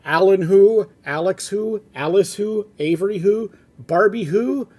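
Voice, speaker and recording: A man's voice: sits high, unhurried, a little mellow, pitched above the performer's own voice. A man doing a grouchy, impatient Grinch. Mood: grumbling. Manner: exasperated, grouchy outbursts. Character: grumpy impatient green male Grinch. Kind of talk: comic script reading.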